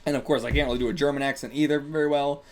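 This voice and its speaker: A young man reading a manga aloud and reacting casually, excitable and laughing, with bursts of swearing. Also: mid-range voice, rapid-fire. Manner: excitable, swears, laughs, puts on brief character lines.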